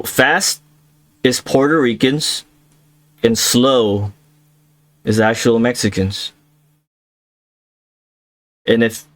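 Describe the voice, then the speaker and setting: Slow-talking man reacting offhand. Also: mid-range voice. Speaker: reaction video host. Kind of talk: casual reaction commentary.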